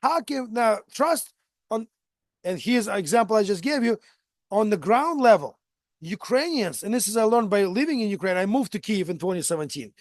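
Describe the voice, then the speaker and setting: A man's voice: high-pitched, lively intonation, normal speed, dry recording, clean studio sound. An American man lecturing in a conversational way, telling stories and often checking in with "right?". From United States. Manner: conversational, frequent "right?" tag questions and restarts. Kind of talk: lecture with anecdotes.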